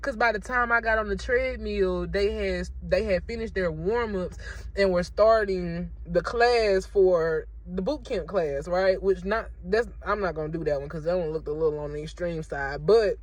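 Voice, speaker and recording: A woman's voice: lowish voice, normal speed, no echo. A woman, talking through a casual faith testimony vlog in an emotional, repetitive, preachy way, recorded in her car. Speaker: vlogger sharing a faith testimony.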